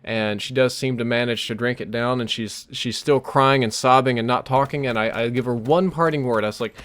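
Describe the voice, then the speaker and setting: Man, animated storyteller, mid-pitched voice, gameplay commentary. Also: brisk, few pauses. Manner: animated, breathless storytelling with restarts. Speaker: gaming YouTuber. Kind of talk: dream story told over gameplay.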